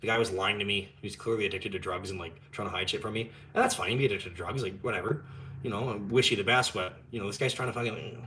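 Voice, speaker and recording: A young man, hosting a live stream and telling a story in casual, animated chat, swearing freely and acting out the dialogue. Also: medium pitch, fast talker, a little hiss or hum. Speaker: channel host.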